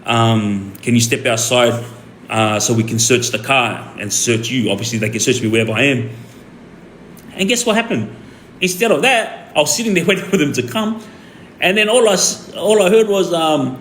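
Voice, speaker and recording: An older man telling a story casually on a livestream, acting out the shouting of the people in it with lively jumps in his voice. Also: on the high side, a little fast. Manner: animated retelling, acts out the police shouting. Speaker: streamer. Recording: echoey room with faint ambient noise.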